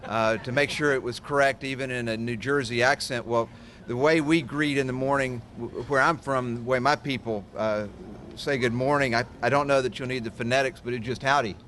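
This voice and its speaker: A man, a county commissioner, giving a formal speech in a halting way, with many pauses and fillers. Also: medium pitch, fairly even intonation, fairly bright tone, a little hiss or hum.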